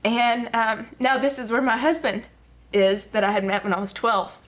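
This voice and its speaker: A woman's voice: a little high, steady tone, moderate pace. A woman, a guest giving an earnest personal testimony with many fillers. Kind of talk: personal testimony on a talk show.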